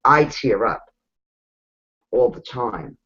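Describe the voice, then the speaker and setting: A woman's voice: very deep voice, expressive, slow pace, a bit bright, lo-fi sound. A woman hosting a casual group coaching talk, frank and blunt, with mild swearing.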